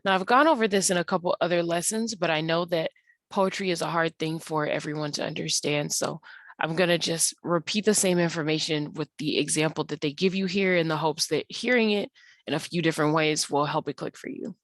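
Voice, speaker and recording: A woman's voice: sits low, fairly quick, no echo. A woman teacher patiently explaining slides in an online tutorial, with frequent ums and uhs. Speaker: English teacher.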